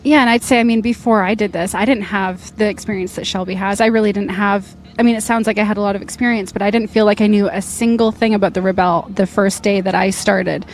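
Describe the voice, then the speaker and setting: A woman's voice: mid-range voice, fairly even intonation, quick pace, hardly any pauses, slight background noise. A young woman, a rally competitor, speaking in a casual interview with an upbeat, chatty manner and lots of fillers. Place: outdoors at an event finish line.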